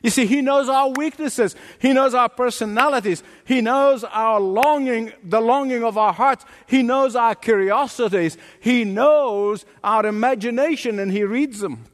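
A man's voice: very high-pitched, measured pace, few pauses. A man preaching a sermon, emphatic and dramatic, often turning to the listeners directly. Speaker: pastor. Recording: long reverb in a large hall.

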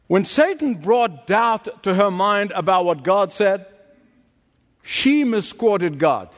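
A man's voice: sits high, very animated, slow. A man preaching a sermon, emphatic and dramatic, often turning to the listeners directly. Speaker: pastor. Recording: long reverb in a large hall.

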